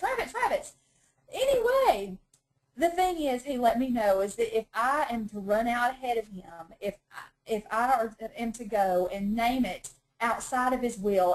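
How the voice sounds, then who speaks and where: A woman's voice: medium pitch, poor audio. A woman teaching a women's Bible study in a chatty, self-deprecating way, often laughing at herself. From North Georgia, USA.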